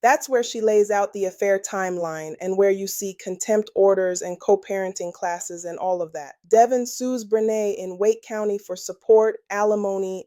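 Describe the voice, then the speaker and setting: Sassy lady breaking down a scandal, mellow voice, dry sound. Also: medium pitch, dry recording. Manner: sassy, playful slang asides. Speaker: podcast host. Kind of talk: scripted true-crime commentary.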